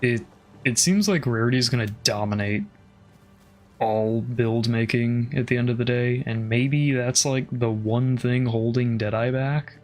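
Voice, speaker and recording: A man's voice: medium pitch, a little slow, darkish tone, faint music behind. A man casually commenting on his game as he plays, thinking aloud, swearing often and trailing off with fillers. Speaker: streamer.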